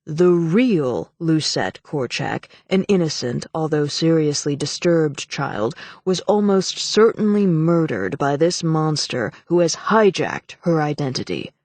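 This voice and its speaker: A woman voicing a pompous, indignant older male politician who speaks slowly and heavily. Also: low voice, lively intonation, darkish tone, no room sound, heavily acted. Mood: heavy. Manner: heavy, slow, indignant.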